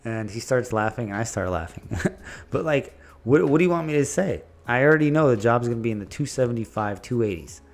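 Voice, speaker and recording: A man who runs a landscaping business, giving blunt, animated business advice and stories in a casual vlog. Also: medium pitch, fairly quick.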